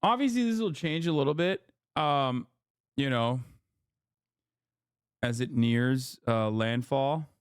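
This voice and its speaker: Smooth-voiced man in sarcastic stream commentary. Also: medium pitch, slow, pauses often, dry recording, studio quality. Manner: sarcastic, mocking, profane. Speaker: livestream host. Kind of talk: livestream commentary reacting to posts.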